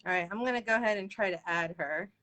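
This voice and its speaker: A woman's voice: medium pitch, fast, sharp tone. A woman hosting a live video interview, chatting casually and greeting viewers by name. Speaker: livestream interview host. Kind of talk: casual live-stream chat. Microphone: video call.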